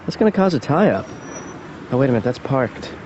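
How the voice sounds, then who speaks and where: A man voicing a lazy young adult son who talks in a mumbling, deadpan ramble. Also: mid-range voice, a little fast, slight background noise, close to an everyday voice. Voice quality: gravelly. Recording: dull lo-fi sound, dry.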